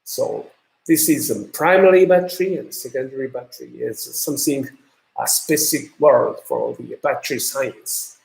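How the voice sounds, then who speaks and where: A man with a Japanese accent who speaks Japanese natively, giving a university lecture in English in a halting way, with many fillers and restarts. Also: mid-range voice, vocal fry, a little mellow. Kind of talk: recorded lecture. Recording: echoey room.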